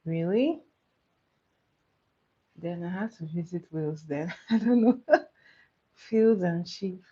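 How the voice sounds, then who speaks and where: A young woman chats with viewers while she walks through her makeup routine, often laughing and asking questions between steps. Her voice is husky and sits a little low. The audio sounds dull and lo-fi. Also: lively intonation, slow pace, warm tone. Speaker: makeup livestreamer. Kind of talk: casual livestream makeup tutorial chatting with viewers.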